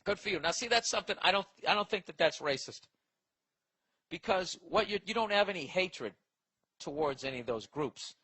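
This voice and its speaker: Profane, rambling man with a bright voice. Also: high voice, expressive, moderate pace, breathy edge, poor audio. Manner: profane, rambling, reads listener mail aloud. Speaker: podcast host. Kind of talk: casual comedic podcast rant.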